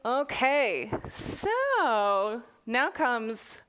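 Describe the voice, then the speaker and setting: A woman from Texas leads a children's event as the author, playful and encouraging with the kids. Her voice sits a touch high. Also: big pitch swings, very slow, fairly bright tone, clear, resonant tone. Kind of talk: lively talk with children.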